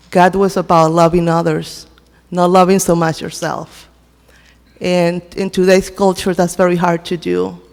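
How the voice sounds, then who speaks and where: Speaking from a big, echoey sanctuary, a woman pays tribute as a church member in a memorial testimony. Her creaky voice sits on the low side, and she halts and restarts frequently, clearly moved.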